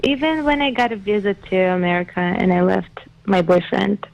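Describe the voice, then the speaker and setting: A woman with a Russian accent speaks over a phone line as an interview guest. She sounds bubbly and giggly, and her English is a little broken. Her voice sits at a middling pitch. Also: animated, normal speed, creaky, darkish tone. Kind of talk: casual interview. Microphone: phone call.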